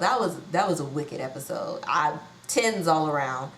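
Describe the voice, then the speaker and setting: A woman hosting a casual reality TV watch-along, gossipy and animated, with slangy bursts of outrage. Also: sits low, a little slow, slight background noise. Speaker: reality TV recap host. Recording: echoey room with faint ambience.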